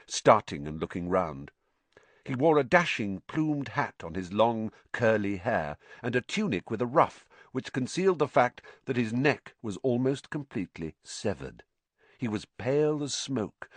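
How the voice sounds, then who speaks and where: A man with a somewhat low voice narrates an audiobook, his pitch ranging lively over the lines. He tells the story expressively. The recording is dry and close-miked. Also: no echo. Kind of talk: scripted narration.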